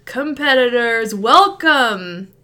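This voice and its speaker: A woman's voice: a little high, animated, slow, bright, forceful tone, pitched above the performer's own voice, exaggerated voice. A woman voicing a showy male fish-like arena announcer who draws out his words grandly. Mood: grandiose.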